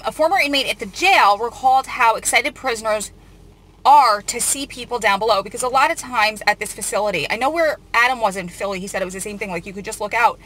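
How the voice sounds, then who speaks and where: Bright-voiced, earnest woman host. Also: fairly high pitch, fast. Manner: earnest and emotional, with frequent restarts. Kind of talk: reading and commenting on a news article.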